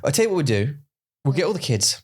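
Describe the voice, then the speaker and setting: Pria yang bercerita dengan hidup. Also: male voice, fairly high pitch, quick pace, husky. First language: English. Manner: animated storytelling, acts out voices for effect. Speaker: podcast co-host. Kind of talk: casual bilingual chat.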